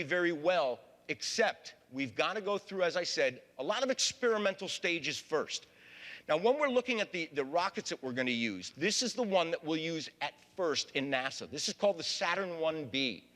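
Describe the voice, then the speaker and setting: A man's voice: a little high, fairly bright tone. A man giving a public history talk as a lecturer, folksy, often addressing the audience as folks. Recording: long hall reverb.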